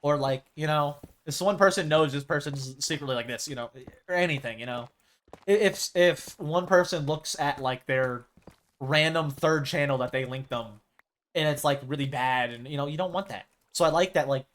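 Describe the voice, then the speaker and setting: Man, live streamer, casual rambling chat, fairly high voice, lively swooping pitch. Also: moderate pace. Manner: rambling, acts out quoted exchanges.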